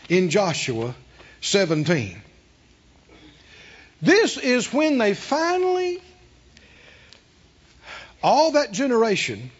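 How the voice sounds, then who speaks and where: Man preaching, high voice, very lively pitch, emphatic repetition, dull lo-fi recording. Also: slightly rough. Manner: emphatic, call-and-response, repeats phrases. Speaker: pastor. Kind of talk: sermon.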